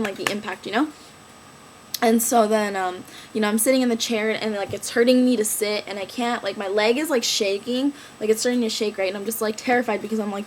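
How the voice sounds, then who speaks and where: A woman's voice: a little high, fast, slight background noise. Chatty young woman retelling an accident. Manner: chatty, filler-heavy, animated retelling. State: injured, on crutches. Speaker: vlogger. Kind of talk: casual storytelling vlog.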